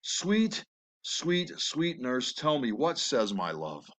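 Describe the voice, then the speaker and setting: A man's voice: a little high, lively intonation, moderate pace, fairly bright tone. An impatient young girl, read by a man. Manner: read aloud from the play text.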